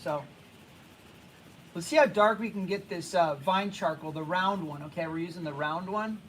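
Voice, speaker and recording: A young man teaching a drawing class, talking casually and haltingly, repeating himself and hushing the students. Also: high-pitched, a little hiss or hum, low-quality recording. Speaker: art teacher.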